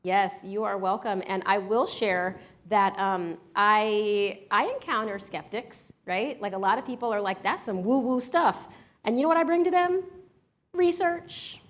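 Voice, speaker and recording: A woman leading a live workshop, answering audience questions in an energetic, emphatic, conversational way. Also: medium pitch, a little slow. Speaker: workshop leader.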